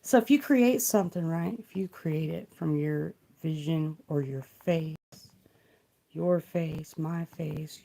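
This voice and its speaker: Slow, gravelly-voiced woman musing softly. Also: fairly low pitch. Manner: rambling, questioning, trails off. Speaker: livestream tarot reader. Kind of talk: soft-spoken livestream musing. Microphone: close mic, kept quiet for live stream.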